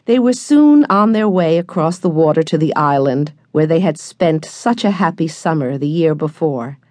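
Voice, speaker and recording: Woman narrator for a kids' audiobook, unhurried and low, dry studio sound. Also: dry recording. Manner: measured, gentle storytelling.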